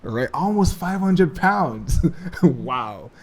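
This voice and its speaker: A man's voice: fairly high pitch, very animated, takes it slowly. A man hosting a casual interview, with many short encouraging acknowledgements. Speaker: interview host.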